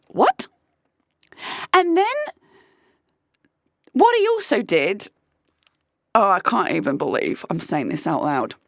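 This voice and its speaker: A woman, a podcast host telling a story casually, animated and incredulous, swearing freely. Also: high-pitched, no echo, studio quality.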